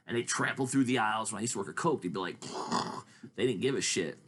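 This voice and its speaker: A man's voice: medium pitch, fast. A man co-hosting a casual chat podcast, rambling through profane stories. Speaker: podcast co-host. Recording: steady background noise.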